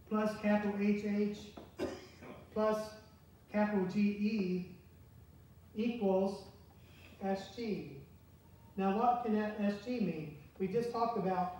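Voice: mid-range voice, a little mellow. A pastor giving a conversational sermon, asking the congregation questions as he goes. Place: church sanctuary. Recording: very echoey church from far off, faint hiss.

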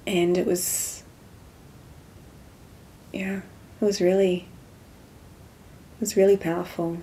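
A woman, softly telling a personal spiritual story as an interview guest. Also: on the low side, flat delivery, slow. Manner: soft-spoken storytelling, acts out quoted dialogue.

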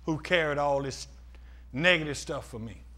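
A male pastor, preaching a sermon in call-and-response style, swinging from shouts to hushed words. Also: a little high, moderate pace.

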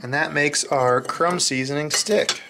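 A man's voice: fairly high pitch, unhurried, noisy background. A man hosting a fishing channel, narrating a casual cooking vlog in his home kitchen. He talks loosely and jokes as he cooks.

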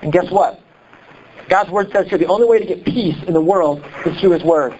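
A pastor from Iowa with a Midwestern accent, preaching a sermon in an animated, conversational way full of rhetorical questions. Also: male voice, high-pitched, normal speed, lo-fi sound, slight background noise. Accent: Midwestern American.

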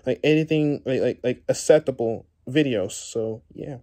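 A tearful young man talks straight to his viewers in a very dark, mellow voice. He stumbles and repeats himself constantly, restarting his sentences over and over. His pitch sits in an ordinary middle range. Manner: halting, many repeated words and restarts. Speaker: YouTuber. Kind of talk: emotional vlog talk to viewers.

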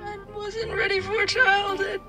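A man's voice: little pitch movement, over music. A young man faking a tearful girl on the phone. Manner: falsetto, halting and sobbing.

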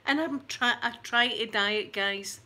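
Scottish woman in her 40s, bright forceful voice, rambly jokey chat to camera. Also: a little high, measured pace. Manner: rambling and self-mocking. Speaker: YouTuber. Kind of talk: chatty talk to camera.

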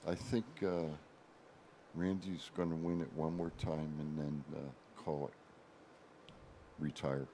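A man's voice: a bass voice, steady tone, measured pace, dark tone, slight background noise. A man co-hosting a wrestling podcast, blunt and hesitant, with many filler sounds. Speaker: podcast co-host. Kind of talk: casual wrestling chat.

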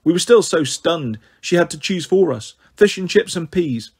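A man narrating a children's novel as an audiobook, in a steady, measured reading voice. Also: on the high side, breathy edge. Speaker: storyteller.

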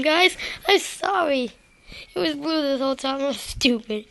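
A woman's voice: sits high, animated, unhurried, gravelly, a bit bright. A woman giving rambling, self-deprecating gameplay commentary straight to her viewers. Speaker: gaming video creator.

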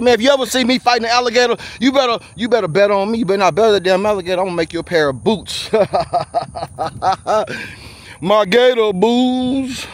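A man, talking to the camera in a preachy rant while walking outdoors on a bayou trail, sweaty and short of breath. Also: high-pitched. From USA. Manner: loud, preachy rants with frequent laughs. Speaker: vlogger. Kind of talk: walking vlog monologue. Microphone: handheld camera while walking.

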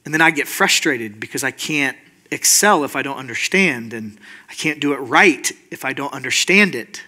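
Preaching in an informal, earnest style, this pastor has a mid-range voice that's animated and sharp, at a moderate pace. His conversational sermon keeps returning to "right?" to check in with the congregation.

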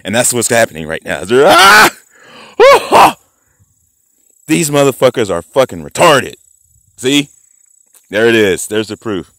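A man's voice: lowish voice, animated, normal speed, a bit bright, no echo, clean studio sound. A man vlogging outdoors by a garden plot, rambling, swearing and laughing as he taunts someone. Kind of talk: rambling outdoor vlog rant.

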